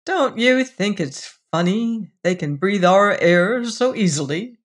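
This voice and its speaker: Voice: mid-range voice, lively intonation, takes it slowly, voice pushed up. A reader voicing a burly, suspicious uncle who speaks in a sly, needling way.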